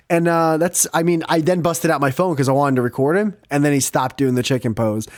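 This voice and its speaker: A man hosting a podcast, chatting in a loose, animated way with plenty of swearing and laughter. His voice sits a little high for a man, and the sound is close and dry. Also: fairly quick, hardly any pauses, dry recording. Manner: animated, profane, laughs often. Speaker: podcast host. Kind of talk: casual storytelling chat.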